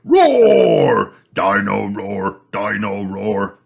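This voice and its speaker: A man reading a storybook aloud, voicing a silly singing toy dinosaur in a slow sing-song chant. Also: mid-range voice, wildly swooping pitch, gravelly, a little mellow, husky, pitched above the performer's own voice, full character voice.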